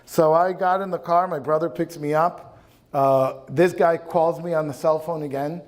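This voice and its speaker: Speaking at normal speed with a fairly high, darkish voice and fairly even intonation, a New York–area man in his fifties shares wry anecdotes. He is a bishop guest-speaking to young adults before a live audience, and his storytelling is full of ums and uhs.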